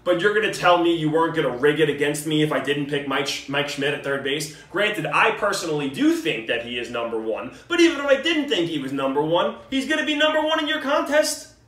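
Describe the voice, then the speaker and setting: A man riffs in a casual video response, joking, swearing and full of enthusiasm. His voice sits a little high. The sound is roomy and echoey, with the mic set some distance from him. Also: sing-song, a little fast, a bit bright. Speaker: vlogger.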